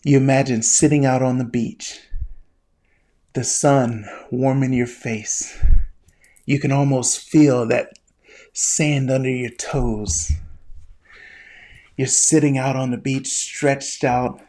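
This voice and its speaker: A man, a medical educator and former flight paramedic, teaching through an animated, conversational story that speaks straight to the listener. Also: mid-range voice, takes it slowly, long pauses. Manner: addresses the listener directly, guided imagery. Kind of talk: storytelling lesson.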